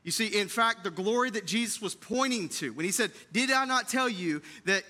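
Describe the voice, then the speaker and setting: A man preaching an Easter sermon to his church, moving between hushed, tender lines and loud, fervent build-ups, repeating phrases for emphasis. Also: high voice, animated, normal speed. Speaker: pastor. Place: church sanctuary.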